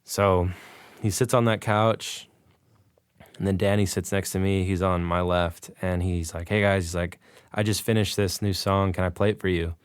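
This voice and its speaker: This podcast guest has a smooth, low-pitched voice at a normal pace. He's excited as he tells a casual story, performing the lines of dialogue. The studio recording is clean and free of echo.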